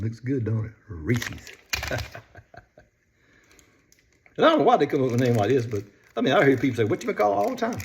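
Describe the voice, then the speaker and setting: A man's voice: medium pitch, slight background noise. Older guy chatting stocks, folksy, lots of chuckles, voice swinging up and down. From North Carolina, US. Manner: folksy, chuckles often between phrases. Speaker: stock market vlogger. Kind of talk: casual stock chat.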